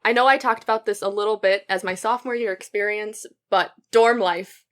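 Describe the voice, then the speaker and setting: A young woman guest chatting casually on a podcast, telling animated stories and laughing often. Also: medium pitch, a little fast. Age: young adult. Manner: giggly, animated storytelling.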